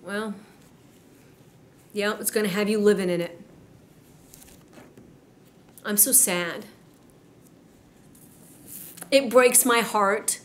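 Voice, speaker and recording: A woman preaching a sermon in an emphatic, exhorting way, slowing down to stress her points. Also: medium pitch, a bit bright, a little hiss or hum.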